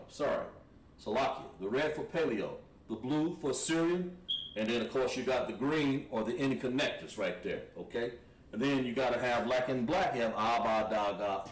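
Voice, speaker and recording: A man teaching a language lesson on a livestream, explaining words patiently and repeating them, with frequent throat clearing. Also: mid-range voice. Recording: roomy echo, distant from the mic, faint ambient noise.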